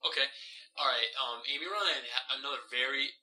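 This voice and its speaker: Bright-voiced man joking about movies. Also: mid-range voice, fairly quick, a little hiss or hum, low-quality recording. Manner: animated, joking, swears freely. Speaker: film podcast host. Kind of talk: casual film review chat.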